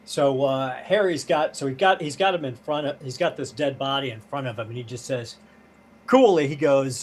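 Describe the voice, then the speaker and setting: A man playing a tabletop horror game, describing his character's actions and pausing to think. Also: mid-range voice. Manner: hesitant, thinking aloud. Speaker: player. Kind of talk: casual tabletop game play.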